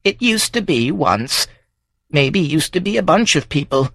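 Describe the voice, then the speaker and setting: Male reader doing a wily old country woman over seventy, voice raised high, clipped sly talk, dry sound. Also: very animated, measured pace, fairly bright tone, no echo, heavily acted. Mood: shrewd. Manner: sly, clipped rural speech, fond of swearing. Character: wily old woman smallholder, shrewd and blunt.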